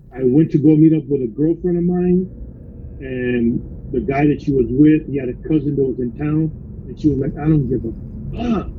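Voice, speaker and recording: A man in a car tells a story in a casual, animated way, throwing "bro" into nearly every sentence. His voice sits a little high for a man, and it comes through muffled and a bit lo-fi, with a light hiss behind it. He acts out the people he talks about as he goes. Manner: animated retelling with constant "bro". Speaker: rideshare driver. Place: inside a car.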